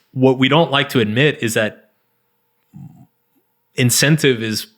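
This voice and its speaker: A man in his thirties talks as a podcast guest, at a middle pitch and in a casual, wandering way. He keeps restarting his sentences and leans on the word "like" while working through his ideas. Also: slow pace, a bit bright. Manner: rambling, heavy use of "like", frequent restarts. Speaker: guest author. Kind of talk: casual interview chat.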